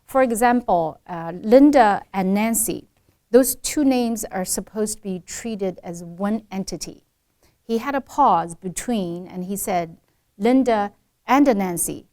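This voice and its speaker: A woman's voice: mid-range voice, a little slow, warm tone. Woman accent coach contrasting pronunciations. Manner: explains by contrasting right and wrong pronunciations. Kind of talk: pronunciation lesson commentary.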